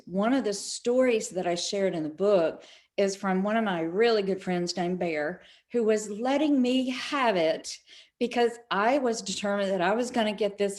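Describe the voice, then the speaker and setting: A middle-aged woman, a spiritual speaker, telling stories in an interview and acting out the quoted dialogue. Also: medium pitch. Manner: animated, acts out quoted dialogue. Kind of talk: storytelling in an online summit interview.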